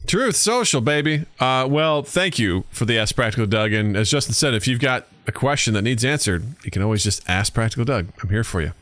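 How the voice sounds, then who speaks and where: Animated joking man, podcast host. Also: medium pitch, a little fast, few pauses, no echo. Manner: animated, joking, acts out stories in voices. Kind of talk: casual chat.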